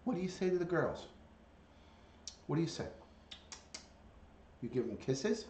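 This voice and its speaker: Lively man coaxing a parrot on stream. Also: normal speed. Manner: coaxes his parrot in high sing-song calls between plain chat. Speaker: livestreamer with pet parrot. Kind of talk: casual livestream chat. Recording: echoey room with faint ambient noise.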